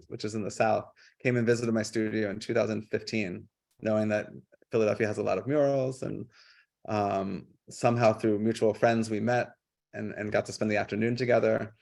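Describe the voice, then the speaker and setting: A man presenting his public art work on a video call, casual and halting, with many fillers and restarts. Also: fairly low pitch, creaky, a little mellow. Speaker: guest artist.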